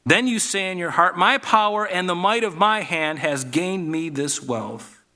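Bright-voiced male preacher. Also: high-pitched, measured pace, faint music behind. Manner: reads scripture aloud, then explains in a relaxed conversational tone; addresses the listeners as folks, asks rhetorical questions. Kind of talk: sermon.

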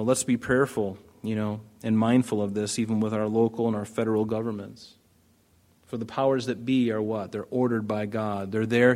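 Speaking in a mid-range, darkish voice, a man delivers a conversational sermon as pastor. He regularly asks his listeners questions.

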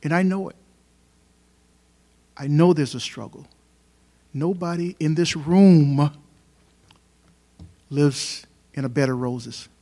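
A man's voice: a little high, slow, pauses often. Man preaching an emphatic sermon. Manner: emphatic preaching, swings from loud to soft. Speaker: pastor. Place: church hall.

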